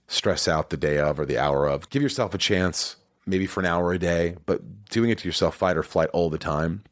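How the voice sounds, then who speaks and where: Deep-voiced man in his forties. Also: no room sound, clean studio sound. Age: 40s. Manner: earnest, rambling, emphatic. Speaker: podcast host. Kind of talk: casual confessional talk.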